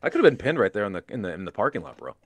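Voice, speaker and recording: A middle-aged man co-hosting a podcast, telling a story in casual chat, excitable and swearing freely as he re-enacts moments. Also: on the low side, rapid-fire, dry recording. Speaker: podcast co-host.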